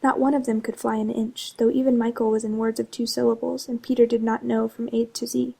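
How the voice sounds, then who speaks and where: Brief: quiet woman narrator, husky and flat, reading a bedtime story. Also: on the high side, a little fast. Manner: hushed, partly whispered. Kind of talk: soft-spoken storybook reading.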